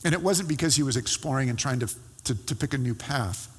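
A man preaching as a pastor, telling a personal story in a conversational, halting way with many fillers and restarts. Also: mid-range voice, husky, big-room sound. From California.

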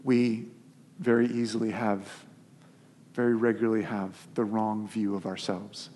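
A man preaching a sermon as a pastor, telling the story in an animated, conversational way. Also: lowish voice, unhurried, slight background noise. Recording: long hall reverb.

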